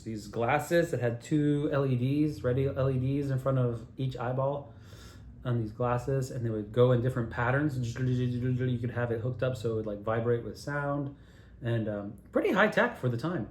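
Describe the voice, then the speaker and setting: A man's voice: mid-range voice, moderate pace, a little hiss or hum. A man rambles through his own wild stories with a middling voice, cursing and chuckling as he drifts off track. The sound carries the echo of a roomy space around him. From Altoona area, Pennsylvania. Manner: loose, digressive, swearing, laughing at own stories. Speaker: storyteller. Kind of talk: rambling personal storytelling.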